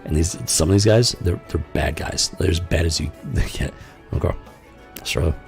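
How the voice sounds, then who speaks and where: A man's voice: low voice, moderate pace, creaky, darkish tone, soft background music. A man hosting a live stream, commenting casually and rambling with lots of fillers and incredulous asides. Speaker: podcast host.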